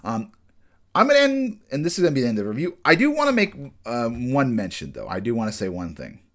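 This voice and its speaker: A man talks through an anime episode in a loose, chatty review, with a lively voice that swings up and down. He often stops mid-sentence and starts again, padding his talk with fillers. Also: mid-range voice. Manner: rambling, with frequent restarts and fillers; acts out characters' lines in quick bursts.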